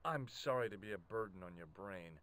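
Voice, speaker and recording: A man's voice: lowish voice, expressive, a little fast, fairly bright tone. An actor with an American accent playing a dry-humored young American man investigating, speaking in sarcastic quips in a video game. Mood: questioning. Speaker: game protagonist.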